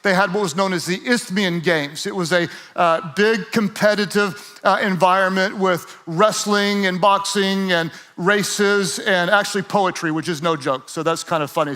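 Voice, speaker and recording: A pastor with a high, light voice delivers an energetic sermon to a live audience in what sounds like a large hall. He talks at normal speed with hardly any pauses, slips into playful asides with little acted voices, and builds to loud, emphatic shouting.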